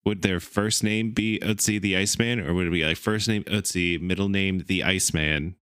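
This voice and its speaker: Deep, smooth-voiced enthusiastic man. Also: fairly even intonation, normal speed, fairly bright tone, dry recording, studio quality. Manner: enthusiastic, explanatory. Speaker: podcast co-host presenting the topic. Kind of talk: casual podcast chat.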